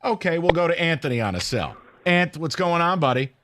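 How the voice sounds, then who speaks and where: Animated, fired-up sports radio host. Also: male voice, fairly high pitch, a little fast, slight background noise. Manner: heated, animated ranting.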